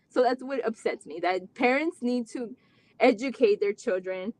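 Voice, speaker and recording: Here a fairly high-voiced woman speaks at a moderate pace in a recording with no echo. She's a parent guest in a live interview, sharing her family's story candidly and from the heart, her sentences running on and full of "like," and she livens up whenever she replays a conversation.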